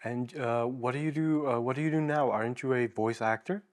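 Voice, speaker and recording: A man's voice: mid-range voice, fairly quick. Male interviewer asking casual questions. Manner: attentive, many short backchannels. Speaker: interviewer, host.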